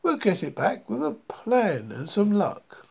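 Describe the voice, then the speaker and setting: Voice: mid-range voice, wildly swooping pitch, a little slow, gravelly, a little mellow, slightly rough, highs cut off, pitched above the performer's own voice, full character voice. A reader voicing a caring mother mole. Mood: kind.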